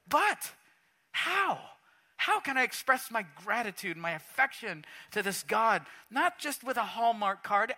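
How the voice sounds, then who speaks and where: A middle-aged man preaching a sermon in a church, animated and swinging between quiet talk and shouts. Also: very high-pitched. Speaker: pastor. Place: church sanctuary.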